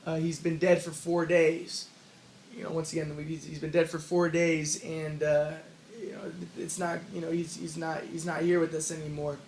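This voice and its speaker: A man's voice: on the high side, flat delivery, moderate pace, vocal fry, few pauses, a little mellow, slight background noise. A man giving an informal spoken lecture, casually retelling a story and thinking aloud as he explains his own model. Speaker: self-published theorist explaining his model.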